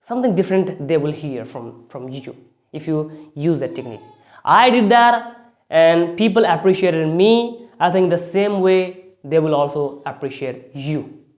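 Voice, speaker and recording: A man's voice: a little high, a little slow. A man giving a spoken English lesson, often restarting phrases and leaning hard on key words. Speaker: English speaking teacher.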